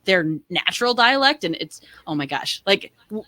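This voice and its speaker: A woman with a bright, forceful tone chats casually on a podcast, her thoughts tumbling out with fillers and eager asides. The sound is close and dry. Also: medium pitch, sing-song, normal speed, dry recording. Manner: enthusiastic, rambling with fillers. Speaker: podcast co-host. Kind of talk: casual chat.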